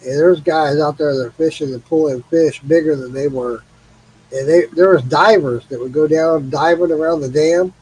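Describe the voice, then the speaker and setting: A man's voice: on the high side, moderate pace, darkish tone, slight background noise, poor audio. A middle-aged man from Missouri, tipsy, hosting a casual late-night chat with loose swearing and easy laughs. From Missouri, USA. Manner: laid-back, swears freely, laughs often. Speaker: host of a live stream.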